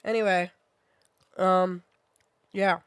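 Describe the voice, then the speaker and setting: A woman's voice: lowish voice, fairly even intonation, clean tone, no echo. A young woman streamer, sick with a sore throat, chatting casually and venting bluntly with plenty of swearing. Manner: blunt, swears often, quick to vent.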